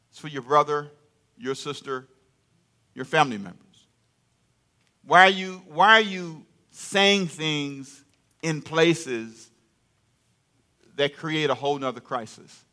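Older preacher with a bright, forceful voice. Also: male voice, a little high. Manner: call-and-response preaching, asks congregation to answer aloud; conversational, repeats phrases for emphasis. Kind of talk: sermon.

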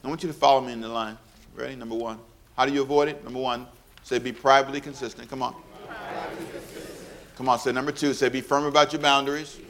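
A man preaching a sermon as pastor, animated and humorous, calling on the congregation to repeat after him. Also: medium pitch, quick pace, long pauses, background noise. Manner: animated preaching with humor and audience call-and-response.

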